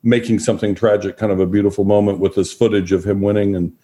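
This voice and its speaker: A middle-aged man, a former sports broadcaster, telling relaxed anecdotes as a podcast guest and acting out quotes. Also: on the low side, quick pace. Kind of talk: storytelling in a podcast interview.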